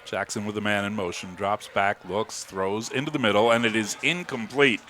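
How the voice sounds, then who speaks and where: Male play-by-play caller, crisp bright tone, faint crowd murmur beneath; calls plays live, builds on big gains. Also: fairly low pitch, steady tone, moderate pace, a little hiss or hum. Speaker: play-by-play announcer. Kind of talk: live football play-by-play commentary.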